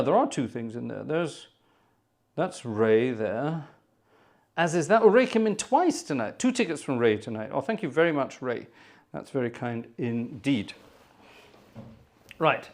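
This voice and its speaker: A chatty man hosts a live organ music stream in a mid-range voice. He narrates what he is doing as he goes and mutters exasperated asides under his breath. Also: medium pitch. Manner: chatty, narrating his own tech troubleshooting. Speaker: organ music livestream host. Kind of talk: casual live-stream chat.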